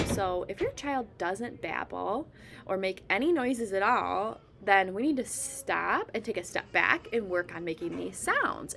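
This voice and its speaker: Brief: woman, speech-therapy tutor, lively demos of baby sounds, light room hiss. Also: medium pitch, gravelly. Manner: animated, demonstrates baby sounds playfully, frequent fillers. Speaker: speech therapist giving parenting tips. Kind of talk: casual instructional talk.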